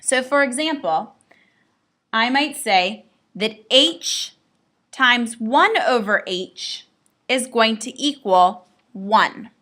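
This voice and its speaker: Female math teacher, upbeat and a bit playful, bright voice pitched slightly high. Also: animated, slow pace. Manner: upbeat, playful asides to students. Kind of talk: recorded classroom lesson.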